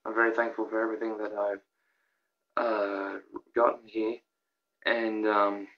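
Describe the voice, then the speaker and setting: A young man rambling excitedly through a countdown of his own videos, with lots of restarts and fillers. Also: on the low side, unhurried, lo-fi sound. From Australia. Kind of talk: casual vlog commentary.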